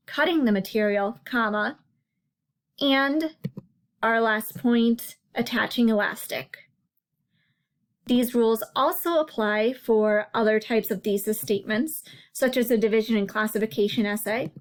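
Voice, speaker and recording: Patient woman explaining a writing lesson. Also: on the high side. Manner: clear, patient explaining with slow emphasis on examples. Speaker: writing tutor. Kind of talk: narrated slide lesson.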